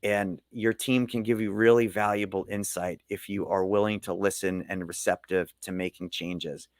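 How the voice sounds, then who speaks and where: A man's voice: low-pitched, fairly even intonation, moderate pace, no room sound, studio quality. A middle-aged man, a leadership coach, speaking earnestly and motivationally in a podcast interview.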